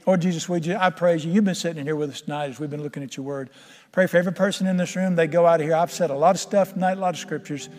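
A man's voice: a little high, fairly even intonation, very fast, darkish tone. Folksy preacher man in a reverberant hall. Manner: folksy, conversational, humorous. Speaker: pastor. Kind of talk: sermon. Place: church sanctuary with congregation.

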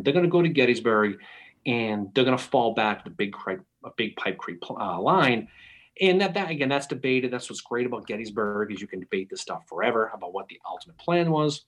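A man co-hosting a podcast, talking through history in an animated, analytical way with many restarts. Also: mid-range voice. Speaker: podcast co-host. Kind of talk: casual history discussion.

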